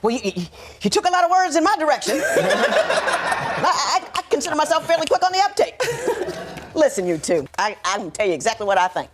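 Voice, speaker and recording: A woman presiding as judge on a TV court show, wry and teasing, quick to laugh, in a studio courtroom. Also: high-pitched, big pitch swings. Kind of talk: courtroom TV hosting.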